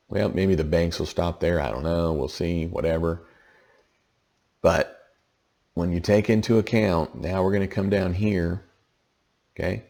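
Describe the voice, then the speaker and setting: A man's voice: deep voice, fairly even intonation, normal speed, gravelly, long pauses, darkish tone. A man giving a casual tax lesson late at night, sounding tired and checking in with frequent "okay?" as he explains. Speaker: tax educator.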